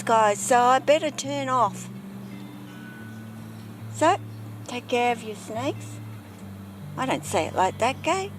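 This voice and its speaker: A woman's voice: a little high, background noise. A woman chatting casually to camera outdoors while filming her pets, with a handheld camera. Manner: chatty, talks baby talk to her cat. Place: outdoors in a yard. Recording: music playing under the voice.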